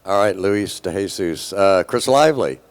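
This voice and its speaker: A man's voice: low-pitched, animated, normal speed, clear, resonant tone. A man hosting an open mic in a small club, briefly introducing the comedians. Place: small live music club.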